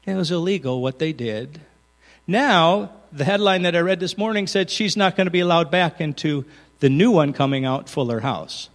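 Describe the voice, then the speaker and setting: A man preaching a sermon as pastor, earnest, moving from loud emphasis to hushed, intimate lines. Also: a little high, moderate pace, in a large hall.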